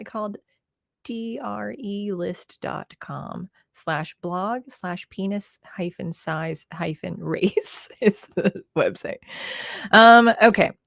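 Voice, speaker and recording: Chatty female stream co-host, laughs often, mid pitch, dry recording. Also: creaky, dry recording. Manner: chatty, giggly, quotes movie lines in a mock voice. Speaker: podcast co-host. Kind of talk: casual movie chat on a live stream.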